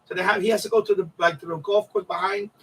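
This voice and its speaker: A man with a high, sharp voice chats loosely on a livestream, swearing often and circling back over his words. His tone is a bit husky, and he sounds set back from the mic. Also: steady tone, quick pace, recorded from a distance, poor audio. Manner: rambling, profane storytelling with repeats and restarts. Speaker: livestream host. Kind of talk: casual livestream chat.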